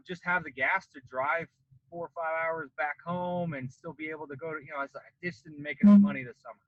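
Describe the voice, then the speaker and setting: Guy from colorado spinning a story, bright tense voice, kinda muffled dry audio. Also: on the high side, no echo. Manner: animated, acts out quoted voices. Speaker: podcast guest, former Marine. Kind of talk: casual storytelling.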